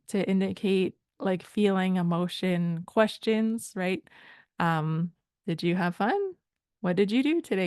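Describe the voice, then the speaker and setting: A woman from Rama First Nation in Canada explaining language points in a thoughtful, hesitant way, often pausing to search for words. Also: lowish voice, darkish tone, clean tone, dry recording. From Rama First Nation, Ontario, Canada. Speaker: language teacher.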